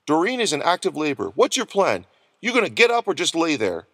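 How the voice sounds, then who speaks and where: A man's voice: on the high side, wildly swooping pitch, a little fast, fairly bright tone, no room sound, pitched above the performer's own voice, full character voice. Man reading as a blunt, commanding middle-aged nurse in a storybook, raised voice, dry close sound. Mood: stern. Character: bossy, scolding middle-aged female nurse.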